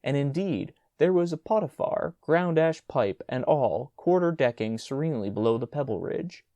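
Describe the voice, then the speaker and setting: A shrill, prim schoolmaster in a storybook reading, put on by a male narrator, his voice leaping high with indignation and full of mellow warmth underneath. He sounds dry and close, with no room around him. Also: lively intonation, normal speed, no echo. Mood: aggrieved. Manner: outraged exclamations.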